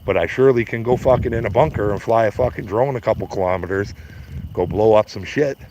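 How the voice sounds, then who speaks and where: A man's voice: lowish voice, fast, mellow, slight background noise. A Canadian man in his fifties ranting on a live stream, blunt and profane, mocking his critics and laughing at his own jokes. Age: 50s. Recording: slightly dull lo-fi stream audio.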